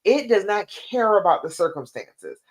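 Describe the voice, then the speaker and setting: During a live-stream advice chat, a female relationship coach addresses her viewers directly at a moderate pace. Her delivery is lively and emphatic, with her pitch swooping up and down to stress points.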